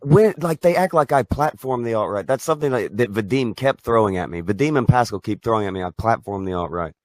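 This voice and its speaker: A man chatting casually on a call, halting and stammering as he talks. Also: mid-range voice, animated, dry recording, studio quality. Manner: halting, stammering, self-doubting. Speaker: streamer guest.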